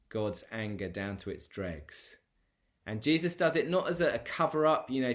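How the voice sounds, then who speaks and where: A man preaching a sermon as pastor, earnest and conversational, often pausing with fillers and restarting phrases. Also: on the low side.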